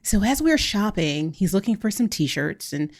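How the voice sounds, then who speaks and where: A woman in her thirties, co-hosting a podcast, telling a family story in a casual, animated way and acting out the quoted lines. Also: medium pitch, moderate pace. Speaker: podcast co-host.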